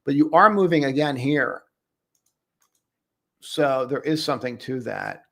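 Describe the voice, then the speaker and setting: Guy doing a live trading stream, laid back and chatty, mid-pitch voice. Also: lively intonation, measured pace, gravelly, a bit bright. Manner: loose and chatty, calls viewers brother and buddy. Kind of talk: casual live-stream commentary.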